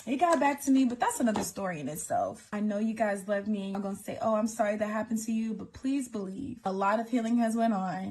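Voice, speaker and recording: A woman's voice: mid-range voice, darkish tone. A woman telling a dramatic personal story, acting out what was said. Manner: dramatic, reenacts quotes, fast retelling. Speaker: storyteller in a played clip.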